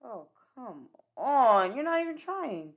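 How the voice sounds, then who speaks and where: Earnest rule-following storybook girl, bright and high, put on by a woman reader, lo-fi. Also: big pitch swings, slow, heavily acted. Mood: chirpy earnest.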